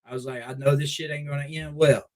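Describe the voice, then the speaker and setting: A wrestler guest from the Memphis Mid-South area tells a casual story, talking fast in a fairly high voice. He's profane and animated and keeps repeating "I was like," and the recording quality is low.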